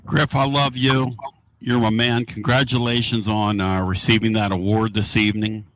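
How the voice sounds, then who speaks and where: A man hosting a casual radio talk show from inside a moving car, excitable and rambling. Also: lowish voice, moderate pace, no echo. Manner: excitable, rambling and loud-mouthed.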